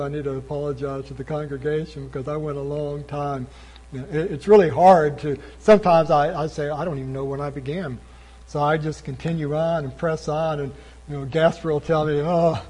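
A pastor preaches from the pulpit in a slightly husky, somewhat high voice, and the recording is rough. He speaks with passion, building to loud, emphatic peaks and then easing back down.

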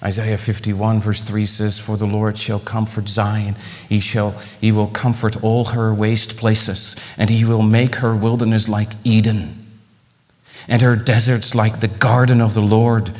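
A man preaching a sermon with passion, swinging between loud exclamations and hushed, drawn-out phrases, often repeating words as he builds. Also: lowish voice, flat delivery. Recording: long hall reverb.

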